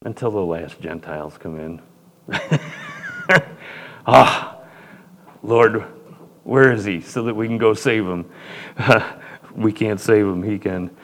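Male preacher, low voice, fervent sermon delivery with prayerful asides, big echoing sanctuary sound. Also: slow pace, long pauses, slight background noise. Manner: fervent, breaks into short prayers; swings from loud emphasis to quiet. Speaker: pastor. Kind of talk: Bible-teaching sermon.

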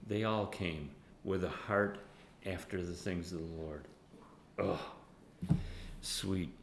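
A male pastor with a low voice gives an animated sermon, chuckling often and speaking prayers softly. The room is echoey, with a faint hum behind him. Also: takes it slowly, gravelly. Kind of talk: sermon with Bible study.

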